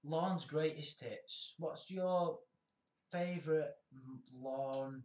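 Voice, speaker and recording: A man co-hosting a casual chat show, laughing often, animated and sweary. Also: on the high side, extremely slow. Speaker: podcast co-host. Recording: roomy echo.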